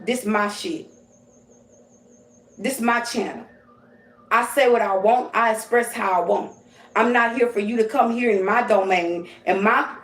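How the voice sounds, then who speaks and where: A woman in a middle pitch runs a live stream and scolds her viewers with blunt, profane talk. Her voice bounces back off the room in a roomy echo. She talks straight into the camera to the people watching. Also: distant mic. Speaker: livestream host. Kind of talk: confrontational livestream rant.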